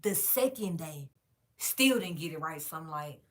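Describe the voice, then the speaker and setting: A woman's voice: sits low, measured pace. A woman, casually and profanely telling viewers a long story about a job. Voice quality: frank, profane, animated storytelling.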